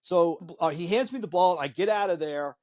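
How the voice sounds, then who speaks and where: Male podcast host, fairly high voice, animated storyteller who acts out the people he quotes. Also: normal speed, dry recording. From Virginia Beach, US. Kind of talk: casual conversation.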